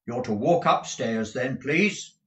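A man voicing an insolent, grinning male footman who talks in a mocking, drawn-out way. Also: mid-range voice, animated, a bit bright, pitched above the performer's own voice. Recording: roomy echo.

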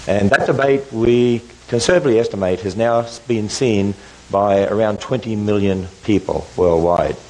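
A man's voice: fairly low pitch, darkish tone, slight background noise, rough recording. An older man with an Australian accent, giving a public lecture as guest speaker in a joking, conversational way. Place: university lecture room.

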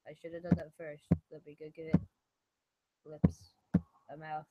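A young woman with a hoarse, ill voice, chatting casually and self-deprecatingly while she draws. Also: deep voice, level tone, moderate pace, dark tone, no room sound, low-quality recording. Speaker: vlogger drawing on stream. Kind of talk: casual solo commentary while drawing.

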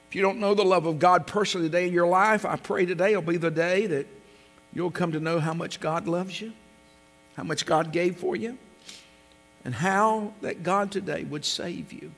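A man preaching a sermon as pastor. He builds up to loud, drawn-out scripture readings and sinks to a soft voice in prayer. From came to North Carolina at seventeen. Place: church sanctuary. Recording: long reverb of a church hall with a low mains hum.

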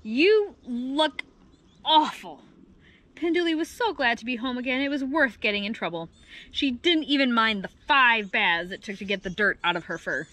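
Female storyteller, high pitched and animated, kids' read-aloud. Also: a little fast. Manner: expressive, lively storytelling. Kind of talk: picture-book read-aloud for children.

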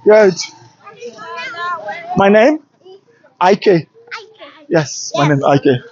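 A man's voice: high-pitched, animated, extremely slow, a little mellow. A man with a British-influenced Nigerian accent, giving an enthusiastic, opinionated walking vlog to camera outdoors on city streets, recorded handheld on a smartphone. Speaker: travel vlogger. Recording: lo-fi smartphone audio.

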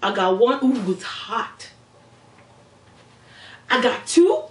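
Speaking slowly in a sing-song, fairly high voice, a mukbang host with a Nigerian Yoruba accent talks playfully and directly to her viewers in casual eating-show chat. She is far from the mic, and the room gives off a roomy echo.

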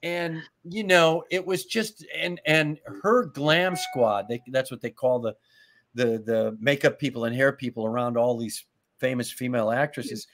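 A man guesting on a talk show, telling comic stories in a lively way, laughing as he goes and acting out lines. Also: medium pitch, a little slow. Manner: laughs through his stories, acts out lines. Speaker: guest, comedy writer. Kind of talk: animated anecdotal storytelling.

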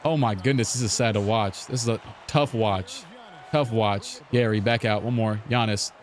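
A man's voice: lowish voice, steady tone, moderate pace, slight background noise. A young man commentating his own basketball video game play, taunting opponents and repeating phrases. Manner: trash-talking, repetitive, taunting. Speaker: gaming streamer.

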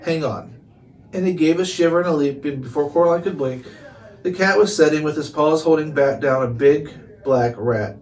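A man narrating a chapter book aloud in calm, steady read-along storytelling. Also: a little high, fairly quick. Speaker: storybook reader. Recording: distant mic, faint hiss.

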